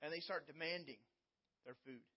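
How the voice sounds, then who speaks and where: A man with a fairly high voice preaches a sermon as pastor. He explains scripture earnestly and leans on everyday stories to teach. The recording is slightly muffled and lo-fi. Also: normal speed, breathy edge. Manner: earnest teaching with personal illustrations.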